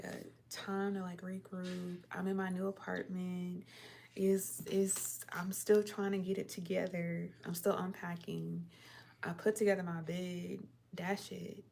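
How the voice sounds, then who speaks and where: A woman's voice: fairly low pitch, creaky, a little mellow, slight background noise. A young woman chatting on a casual livestream from her apartment, rambling and laid-back, sounding tired. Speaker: livestream host.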